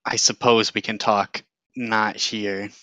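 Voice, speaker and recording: A man's voice: on the low side, flat delivery, slow pace, bright, forceful tone, no room sound. A man voicing a frail, withdrawn, ancient dragonborn sorceress in a tabletop game, speaking wearily and reluctantly. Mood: weary.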